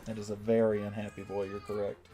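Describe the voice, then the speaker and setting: A man's voice: on the low side, monotone, quick pace, warm tone, soft background music. A man from the United States streaming a strategy game, chatting casually and thanking viewers in chat by name. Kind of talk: casual livestream commentary.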